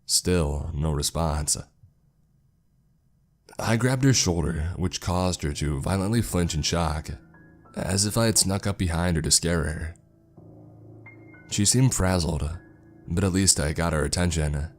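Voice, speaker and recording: A man narrating a first-person horror story in a slow, somber, scripted way. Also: low-pitched. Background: faint background music.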